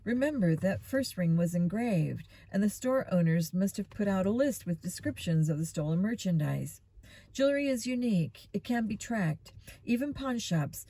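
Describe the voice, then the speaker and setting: A woman's voice: fairly low pitch, mellow, breathy edge, dry recording. A woman voicing a level-headed teenage boy detective who explains things patiently, in a storybook reading.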